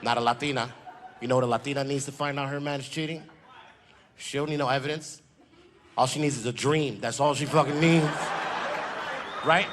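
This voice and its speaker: A man's voice: mid-range voice, steady tone, a little fast, pauses often, background noise. A man doing a stand-up comedy set, brash and profane, teasing the crowd.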